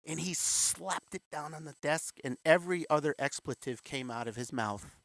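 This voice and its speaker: A man's voice: a little high, normal speed, a bit bright, dry recording. A man in his fifties, a guest in an interview, telling his story candidly and acting out the voices of the people he quotes. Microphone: video call.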